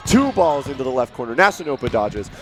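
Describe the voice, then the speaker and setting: A man giving live play-by-play commentary, rising to shouts at big plays. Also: medium pitch, sing-song, fast talker, heavy background noise. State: out of breath.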